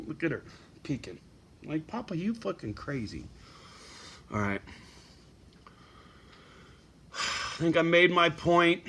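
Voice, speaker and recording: Surly swearing man, bright voice. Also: a little high, a little hiss or hum. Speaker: vlogger. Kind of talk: profane rant to camera. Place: at home with his dog.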